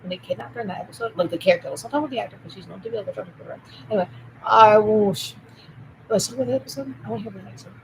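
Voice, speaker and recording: A woman in a rambling solo monologue who jumps between topics, swears, and swings from loud outbursts to low mutters. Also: very fast, gravelly, slight background noise, rough recording.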